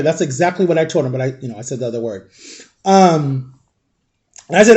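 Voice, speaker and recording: A man's voice: fairly high pitch, expressive, fairly quick, pauses often, darkish tone. A man in his thirties telling a long story in a casual, rambling way, full of "like" and acted-out quotes. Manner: rambling, heavy use of "like", acts out quoted people. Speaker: vlogger. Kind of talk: casual storytelling while eating.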